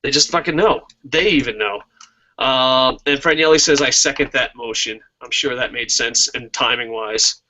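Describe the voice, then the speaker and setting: A man's voice: medium pitch, normal speed. A man hosting a wrestling talk stream, ranting casually with lots of swearing. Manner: profane, ranting, excitable. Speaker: wrestling talk show host. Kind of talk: casual live-stream chat. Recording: dull lo-fi stream audio.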